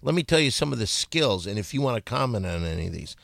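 A man hosting a casual comedic talk show who reads out prompts in a rapid-fire list. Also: fairly low pitch, sing-song, vocal fry, fairly bright tone, no room sound, studio quality. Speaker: host.

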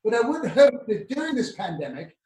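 A man's voice: high voice, big pitch swings, a little fast, mellow, echoey room. A man on a video call, talking in a prissy, theatrical and genteel way, as in a comic bit. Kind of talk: comic affected chat.

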